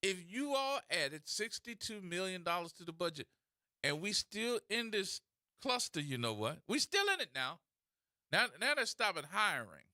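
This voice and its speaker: A man hosts a talk radio show in a mocking, rolling rant. His voice sits high and sounds sharp and forceful. His pitch swings widely, and the studio sound is close and dry. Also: moderate pace, dry recording. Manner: animated, mocking rant that slips into imitation voices.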